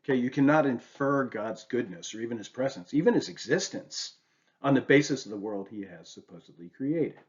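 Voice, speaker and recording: A man's voice: mid-range voice, lively intonation, a little fast. Man lecturing on poetry, dull lo-fi sound. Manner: discursive, frequent "right?" checks, rhetorical questions. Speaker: literature lecturer. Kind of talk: recorded university lecture.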